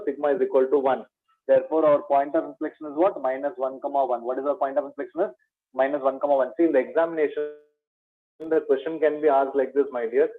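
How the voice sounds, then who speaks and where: The sound here is phone quality, carrying a man's fairly high voice as he runs a maths exam revision lecture. He repeats important points, asks rhetorical questions, and refers to students as "my dear."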